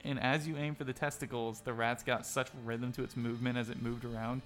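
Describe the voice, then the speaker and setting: A man's voice: medium pitch, flat delivery, fairly quick, a bit bright. A man narrating a tabletop game as game master, in a casual, crude, rambling way. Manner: casual, crude, filler-heavy. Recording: faint music behind.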